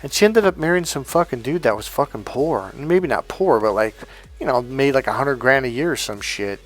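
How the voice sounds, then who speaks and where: A man's voice: medium pitch, animated, moderate pace. Profane, fired-up male dating coach. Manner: profane, emphatic rant. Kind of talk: monologue to camera.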